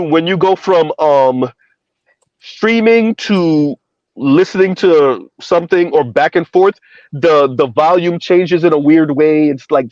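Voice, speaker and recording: A man hosting a live stream in casual chat, rambling and repeating himself with quick asides. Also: fairly high pitch, darkish tone, no room sound. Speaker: streamer host. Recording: dull lo-fi stream audio.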